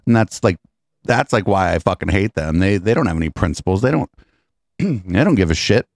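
A man's voice: deep voice, animated, normal speed, gravelly, dry recording. A man hosting a podcast, chatting casually and sardonically about politics and swearing often. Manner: sardonic, profane, offhand. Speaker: podcast host.

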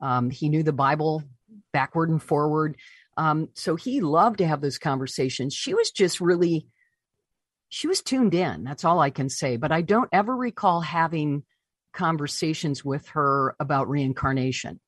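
Interview guest: woman, low husky voice, animated storyteller, dry close sound. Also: moderate pace, no echo. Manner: animated, voices her own past reactions. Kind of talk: personal storytelling.

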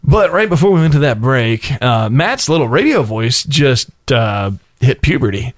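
A man's voice: medium pitch, sing-song, moderate pace. A man co-hosting a radio show in casual banter, laughing often and poking fun at himself. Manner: giggly, self-mocking, laughs often.

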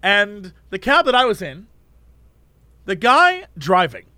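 A man's voice: high voice, huge pitch swings, slow pace, pushed and bright, dry recording. A man chatting casually on a podcast, telling stories animatedly and laughing often. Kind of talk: casual chat and storytelling.

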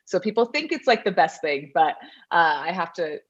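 A Southern American woman in her thirties chats easily as a podcast guest in a casual interview, laughing often and poking fun at herself. Her fairly low, husky voice is sing-song and moderately paced, recorded with lo-fi sound.

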